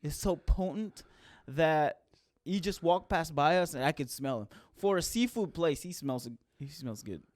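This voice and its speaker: A young man from the Philippines co-hosting a casual podcast chat, animated and rushing his words. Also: on the high side, no echo, clean studio sound. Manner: animated, rushes his words, repeats phrases. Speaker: podcast co-host.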